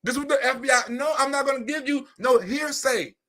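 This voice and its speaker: A high-pitched man with a bright, sharp edge to his voice holds forth in a loose livestream monologue. He is profane and animated, repeating himself as he builds each point. His laughs break up the rant. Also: a little fast. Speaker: comedian and YouTube host.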